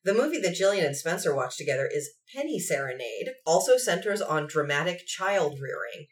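A woman co-hosting a casual movie podcast, joking and self-deprecating in an animated way. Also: fairly low pitch, fairly quick, recorded from a distance. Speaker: podcast co-host.

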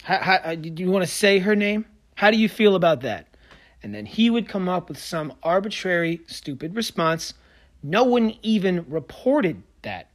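A man in a heated solo podcast rant, sarcastic and combative. His voice sits a little higher than most men's, and he swings between loud bursts and low, muttered asides. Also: very animated, normal speed. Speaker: podcast host. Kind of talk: solo sports opinion rant.

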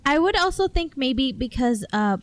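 A woman's voice: sits high, expressive, normal speed, no echo. A young woman co-hosting, chatting casually and reading a story aloud. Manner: chatty, lots of fillers like 'like'. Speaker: podcast co-host.

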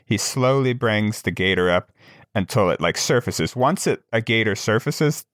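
A man with a low voice talks casually on a podcast. He tells a long, rambling story with plenty of fillers and restarts, recorded dry and close to the mic. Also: expressive, moderate pace, fairly bright tone, no room sound. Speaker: podcast co-host. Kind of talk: casual chat.

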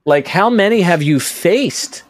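A man's voice: sits high, expressive, unhurried, a little hiss or hum. A man hosting a casual podcast chat, talking chattily with lots of fillers and frequent laughs. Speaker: podcast host.

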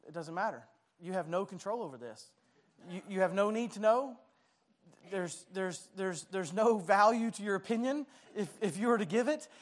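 High-voiced preacher man. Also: expressive, normal speed. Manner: conversational, self-deprecating, stumbling restarts. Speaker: pastor. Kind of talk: sermon.

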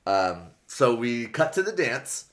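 A man's voice: mid-range voice, big pitch swings, slow. A man hosting a podcast, chattily retelling a story with frequent laughter and lots of filler words. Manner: chatty, laughs often, many filler likes. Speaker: podcast host recapping a book series. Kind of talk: casual chat, retelling a story.

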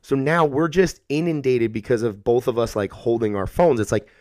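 A man's voice: medium pitch, moderate pace, no room sound, studio quality. A man in his thirties in casual podcast chat, rambling and swearing freely, and sometimes acting out what kids would say. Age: 30s. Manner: rambling, animated, swears freely, acts out kids' voices.

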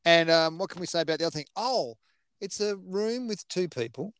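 A chatty man co-hosting a podcast, his voice pitched a touch high. He laughs easily as he talks through a film. The sound is dry and close, with no room around it. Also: expressive, brisk, fairly bright tone, clean tone, no echo. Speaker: podcast co-host. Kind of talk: casual chat about films.

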